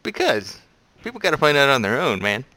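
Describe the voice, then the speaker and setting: A man co-hosting a podcast, teasing the others in a casual, deadpan way. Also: medium pitch, fairly quick. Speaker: podcast co-host. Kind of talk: casual chat.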